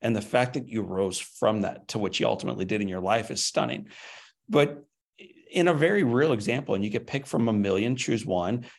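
A man with a low voice and a gravelly edge leads a conversational interview. He asks earnest, empathetic questions at a measured, caring pace. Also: expressive. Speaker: interview host.

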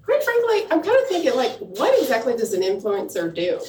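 A woman's voice: fairly high pitch, a little fast, background noise. Playful woman host reading comic news. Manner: playful, deadpan news delivery. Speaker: comedy show host. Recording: echoey room from far off.

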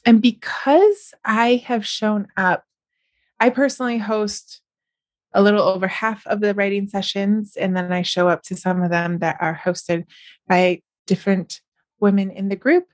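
A woman's voice: mid-range voice, fairly even intonation, measured pace, no room sound, studio quality. A middle-aged woman, chatting on her podcast in a casual, upbeat way and often smiling as she talks. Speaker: podcast host and novelist. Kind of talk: casual solo podcast chat.

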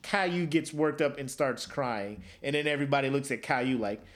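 This man's voice is medium in pitch, and his delivery is brisk. He's co-hosting a podcast, storytelling animatedly in a casual comedic chat and breaking into silly voices.

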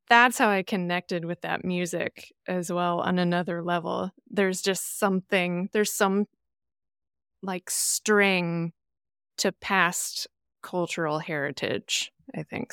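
A woman from the American Midwest talks as a podcast guest, telling stories with animated quoted voices. Her voice sits a bit low and comes across smooth and resonant. The sound is dry and close. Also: slow, no echo. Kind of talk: casual podcast conversation.

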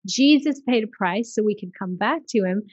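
A woman's voice: medium pitch, lively intonation, normal speed, slightly rough, no echo, lo-fi sound. A woman hosting a faith-based conversation, talking earnestly and affirming her guest often. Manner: earnest, affirming, frequent listening sounds. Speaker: podcast host.

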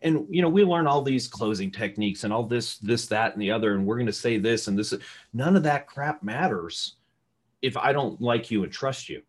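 Middle-aged male sales trainer, loud and energetic, a bit husky, conversational seminar delivery. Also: mid-range voice, moderate pace. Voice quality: loud talker. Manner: energetic, conversational, asks the room questions. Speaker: real estate sales trainer. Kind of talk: live seminar teaching.

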